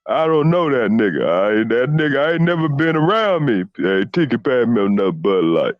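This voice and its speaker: A man's voice: mid-range voice, sing-song, fairly quick, no room sound, lo-fi sound, faint music behind, close to an everyday voice. A man impersonating a boastful, arrogant former basketball star in a comedic rant, swearing and stumbling over repeated restarts. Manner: profane bragging, stammered restarts.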